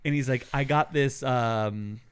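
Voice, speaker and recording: During casual chat on a podcast he co-hosts, a young man tells an animated story, swearing, laughing, and imitating the voices of the people he quotes. His voice is mid-range and smooth, and he keeps a measured pace.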